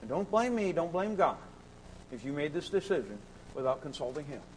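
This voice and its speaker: A man preaching a sermon, impassioned and repetitive, swinging between shouts and hushed pleading. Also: a little high, very animated, fairly quick, slight background noise, low-quality recording. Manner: sings hymn lines briefly.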